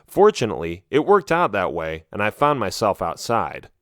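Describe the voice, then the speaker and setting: A man reading a first-person children's animal story aloud with an expressive, animated delivery. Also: lowish voice, moderate pace, no echo, studio quality. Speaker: audiobook narrator.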